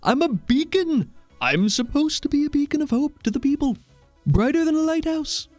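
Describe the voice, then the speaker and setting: A man's voice: very high-pitched, expressive, normal speed, darkish tone, dry recording, faint music behind, pitched above the performer's own voice. A man voicing a pompous, self-important male task force leader in a tabletop game.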